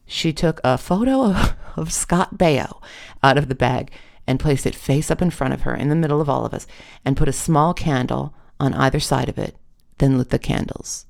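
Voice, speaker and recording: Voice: mid-range voice, moderate pace, vocal fry. A narrator reading a comic memoir aloud in a wry, self-deprecating way.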